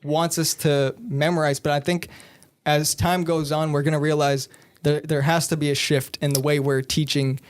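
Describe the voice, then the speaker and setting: A man in a casual podcast chat, speaking in a measured, reflective way. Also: on the high side, level tone, a little hiss or hum.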